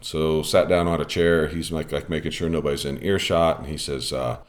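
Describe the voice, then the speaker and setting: A man with an extremely low, deep voice talks casually on a podcast, drifting through a long story with plenty of ums and restarts. He sounds like an umpire swapping stories with a friend. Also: fairly even intonation, normal speed. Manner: rambling storytelling with many fillers. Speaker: podcast host and softball umpire.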